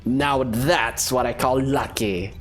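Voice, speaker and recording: Man reading a brash excitable space viking captain, game dialogue, plain voice. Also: medium pitch, slow pace, a little hiss or hum, lightly acted. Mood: boisterous.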